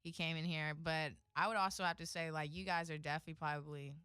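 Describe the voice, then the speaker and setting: A woman's voice: low-pitched, fairly even intonation, quick pace, sharp tone, smooth, no echo, studio quality. A woman co-hosting a casual interview, chatty and playful. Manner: chatty, playful, scats beats aloud. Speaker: podcast co-host.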